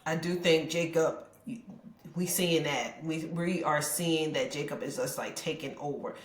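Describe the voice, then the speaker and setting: A podcast co-host in casual chat about wrestling, reacting quickly and acting out quotes. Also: mid-range voice, fairly even intonation. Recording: echoey room with faint noise.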